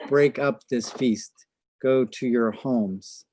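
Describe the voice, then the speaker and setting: A man's voice: mid-range voice, takes it slowly, darkish tone, a little hiss or hum, close to an everyday voice. A man reading the part of a stern elderly priest, delivering the lines in a solemn, imploring way.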